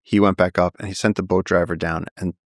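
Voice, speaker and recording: Man, very low voice, vivid storyteller, podcast guest, dry studio sound. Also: little pitch movement, fairly quick, no echo. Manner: vivid storytelling, acts out quotes. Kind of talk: storytelling in a long-form interview.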